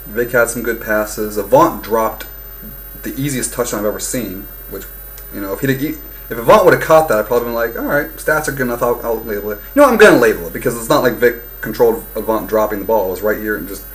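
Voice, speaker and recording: Young man, casual sports rant, heated, profane, loud bursts then mutters. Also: lowish voice, fairly quick, rough recording. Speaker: fan vlogger.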